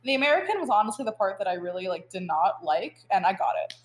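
Speaking fast in a mid-range, sing-song voice, a young woman appears as a guest student and spins a chatty, meandering story with lots of fillers and laughs. The room is echoey and the background noisy.

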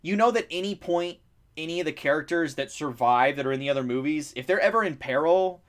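A man's voice: a little high, expressive, fairly quick. A man in casual conversation about a film, rambling with many fillers, swearing and acting out lines from scenes. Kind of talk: casual movie discussion chat.

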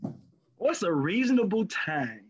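A man's voice: high-pitched, a little slow, a little hiss or hum. Candid, profane man, muffled lo-fi sound. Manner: candid, profane, animated storytelling. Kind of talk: casual chat. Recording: lo-fi muffled recording.

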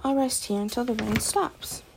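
A woman's voice: fairly high pitch, steady tone, normal speed, vocal fry, noisy background. A woman reading a sing-song male bird. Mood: weary. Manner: sing-song, simple phrasing. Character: devoted male bird husband, singing and fretful. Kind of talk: storybook read-aloud.

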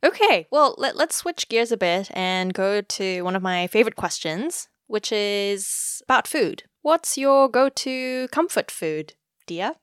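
A woman's voice: mid-range voice, lively intonation, measured pace, clean tone, no room sound, clean studio sound. A woman hosting a podcast interview, asking curious questions and backing the guest with short encouraging replies. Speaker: podcast host. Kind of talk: casual interview talk.

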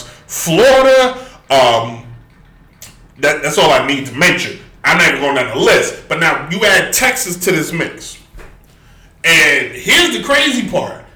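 A man ranting about college sports in a lively, bright voice that swings up and down. His talk is emphatic and full of asides. He is recorded in an echoey room. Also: high voice. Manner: animated, emphatic, rambling with asides. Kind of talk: opinionated sports rant.

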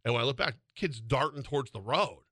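A man in his forties co-hosting sports talk radio, his voice bright and forceful, dry and close to the studio mic. He spins animated, teasing stories in loose, chatty banter. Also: medium pitch, fast, no room sound. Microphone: studio microphone.

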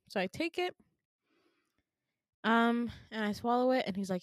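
A woman's voice: mid-range voice, fairly even intonation, moderate pace, pauses often, no echo, studio quality. A young woman casually telling a dream story on a podcast, chatty and laughing often, swearing lightly and acting out the people she quotes. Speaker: podcast co-host.

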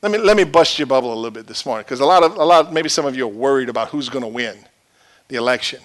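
A male pastor preaching a sermon in a church, swinging from loud shouted peaks to quiet low asides. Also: expressive, very fast.

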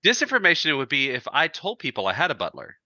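A man's voice: a little high, huge pitch swings, fast talker, bright, forceful tone, dry recording, muffled recording. A man co-hosting a podcast, telling a story in casual chat and laughing through his words. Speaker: podcast co-host.

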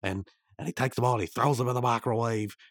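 A man's voice: medium pitch, fairly even intonation, fast talker, no room sound, studio quality. A man co-hosting a podcast, recapping a cartoon episode in casual chat with a sarcastic, teasing manner. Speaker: podcast co-host.

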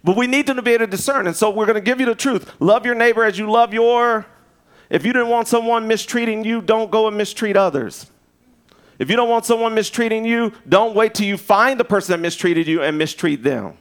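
A man preaching a sermon in a loose, conversational way, with restarts and asides, swinging from loud emphasis to hushed, and in his speech. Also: high voice, brisk. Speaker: pastor.

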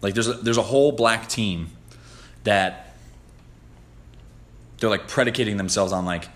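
A man hosting a podcast in casual chat, talking in a profane, rambling, excitable way. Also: fairly low pitch, unhurried. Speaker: podcast host.

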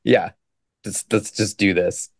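A man on a podcast, recapping a movie in casual, joking chat and tossing in quick mock quotes. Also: on the low side, steady tone, vocal fry, husky, dry recording, clean studio sound. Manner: joking, sarcastic, quotes scenes in quick put-on lines. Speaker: podcast co-host.

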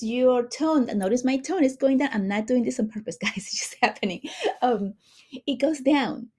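A woman hosting a spiritual healing talk, speaking gently and addressing her listeners warmly. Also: fairly high pitch, expressive, breathy edge. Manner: slow, soothing, warm-hearted, addresses listeners as beautiful souls.

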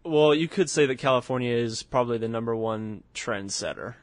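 A man hosting a casual podcast, rambling along with restarts and pauses. The sound is dry and close. His pitch sits in the middle. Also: no echo. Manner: rambling, hesitant, many restarts. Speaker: podcast host. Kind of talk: casual chat.

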